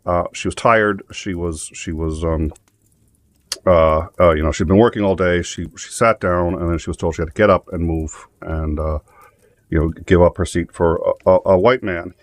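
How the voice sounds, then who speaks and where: A man's voice: low-pitched, fairly even intonation, moderate pace. A man hosting a casual chat show, telling jokes and stories in a rambling way with many restarts. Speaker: host.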